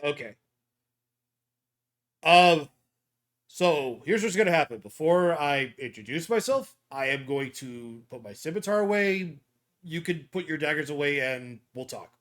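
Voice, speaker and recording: A man's voice: on the high side, lively intonation, measured pace, fairly bright tone. A man playing a character in a tabletop game, speaking earnestly in character and describing his own actions. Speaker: player.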